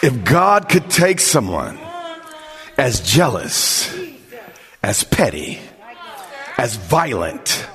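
A male pastor preaching with passion, stacking repeated phrases and building to shouted questions. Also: mid-range voice, big pitch swings, extremely slow, long pauses, in a large hall, background noise. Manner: impassioned, repetitive preaching with shouted climaxes. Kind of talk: sermon.

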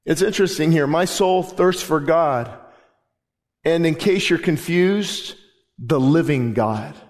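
Fervent high-voiced male preacher. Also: slow pace. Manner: fervent preaching that swells to loud emphatic declarations. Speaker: pastor. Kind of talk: sermon. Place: church sanctuary during a service.

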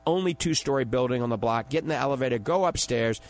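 Brief: middle-aged male radio host, New Orleans accent, fast folksy pitchman patter, repeats numbers. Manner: chatty salesman's patter, repeats phone numbers, chuckles. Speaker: radio show host and eye doctor. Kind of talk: radio call-in health show with product promotion.

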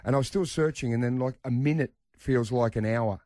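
A man's voice: medium pitch, a little fast, no echo, studio quality. An Australian man hosting a radio show, telling a personal story with energy and acting out the voices of the people in it. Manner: animated, acts out the voices in his story.

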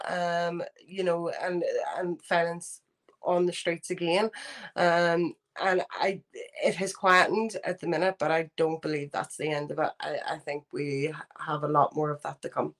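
A woman with a Belfast accent answers interview questions in a somewhat low voice. She is earnest and halting, with frequent ums and restarts as she builds her point. She sounds middle-aged and speaks with steady conviction. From Northern Ireland. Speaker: guest. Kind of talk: remote interview.

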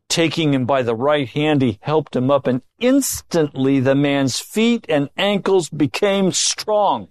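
A man delivers a sermon with deliberate, unhurried pacing. He drops into low, confiding asides, then rises into forceful exhortation. The sound is dry and close, with no room echo. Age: older. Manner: emphatic, swings from low confiding tones to raised exhortation. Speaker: preacher.

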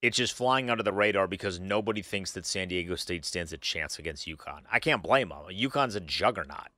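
Lower-voiced bright man, eager co-host. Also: expressive, fairly quick, no echo, studio quality. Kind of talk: casual sports chat.

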